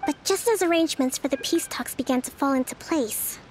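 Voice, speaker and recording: A composed young leader, voiced by a woman in a video game, high and gentle, talking in a measured, soothing way that settles tempers. A faint hiss sits under her. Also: natural voice. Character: calm young female island leader, composed and diplomatic.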